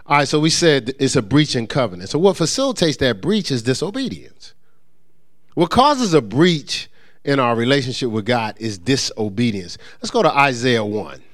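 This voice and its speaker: A male pastor preaching a conversational sermon, joking with the congregation and stumbling into quick repeats and restarts. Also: medium pitch. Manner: lively, joking asides to the congregation.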